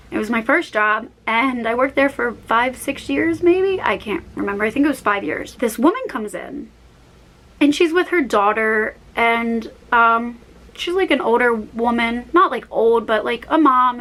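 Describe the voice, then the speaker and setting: A woman's voice: fairly high pitch, animated, normal speed, fairly bright tone, rough recording. A woman in her early twenties telling casual stories in a rambling, chatty way, acting out her own quoted lines. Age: young adult, about 21. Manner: chatty, rambling, tangents and self-corrections. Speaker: vlogger. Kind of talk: casual storytime chat.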